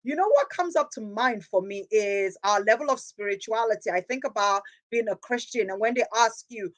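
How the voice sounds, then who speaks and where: In a rough recording, a woman in her thirties hosts a motivational podcast, her voice a little high and her pace normal with hardly any pauses. She delivers a reflective monologue earnestly, leaning on rhetorical questions and repeated phrases for emphasis.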